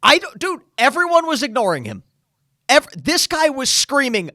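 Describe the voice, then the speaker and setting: A young man co-hosting a podcast, telling a travel story in a casual, animated way and acting out what others said. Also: very high voice, normal speed, no room sound, clean studio sound. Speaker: podcast co-host.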